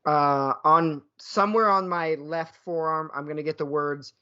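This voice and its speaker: A man in his thirties, speaking in a somewhat high, loose and jokey register, laughing through a casual podcast chat. The audio is a little dull and lo-fi. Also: steady tone, a little slow, pushed and bright, smooth. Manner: laughs often, jokey, puts on a booming game-show voice at times. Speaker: podcast co-host.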